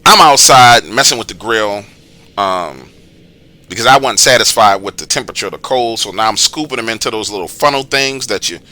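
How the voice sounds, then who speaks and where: A man hosting his own channel, telling a personal story in a casual, profane, slangy way and loudly acting out the scenes. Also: on the low side, fairly quick.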